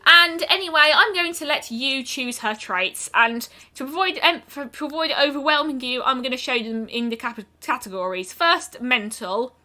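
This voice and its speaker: Chatty woman streaming a game, bright kinda high voice, lots of ums, faint music behind. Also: lively intonation, moderate pace, few pauses. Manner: chatty and musing, trailing off with frequent ums. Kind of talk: casual gameplay commentary.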